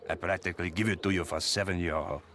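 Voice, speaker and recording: A smooth French flea market dealer. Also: male voice, deep voice, steady tone, quick pace. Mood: salesy. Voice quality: salesman patter, courtly and persuasive. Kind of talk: video game character dialogue. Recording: noisy game audio.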